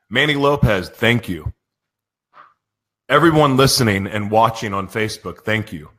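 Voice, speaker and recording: A man's voice: on the low side, fairly bright tone. Giddy, emotional male radio host. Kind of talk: live radio show opening. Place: radio studio.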